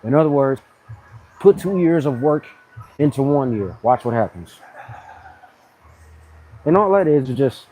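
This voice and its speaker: A man in his thirties talks straight to viewers in a loose live-stream chat about training. He sounds blunt and animated, leaning on slang and popping into higher voices to mimic people. His tone stays dark and mellow. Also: a little slow, long pauses, slight background noise, poor audio. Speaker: fitness channel host.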